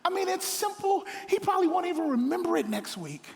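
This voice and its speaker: A middle-aged man delivers a humorous sermon, his voice sitting high. He jumps into playful little voices for the people in his stories. A long hall echo trails each phrase. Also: fairly quick, creaky. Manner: animated, joking, with playful voices for others. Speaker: pastor. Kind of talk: comedic sermon storytelling. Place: large hall on stage.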